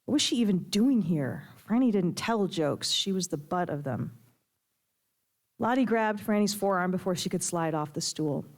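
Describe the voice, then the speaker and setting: A woman reading her own fiction aloud with a steady storytelling delivery. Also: on the low side, normal speed. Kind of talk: prose reading.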